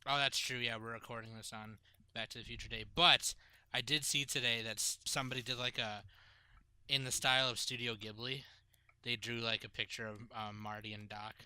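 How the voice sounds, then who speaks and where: A man's voice: medium pitch, steady tone, fairly quick, bright, forceful tone, clean tone, no echo. A young man hosting a podcast in casual chat, a little tipsy, jokey and swearing a lot. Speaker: podcast host.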